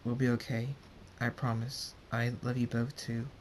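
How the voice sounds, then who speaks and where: A man voicing a calm, protective stallion uncle in his own plain voice. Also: mid-range voice, moderate pace, a little hiss or hum, close to an everyday voice. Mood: gentle.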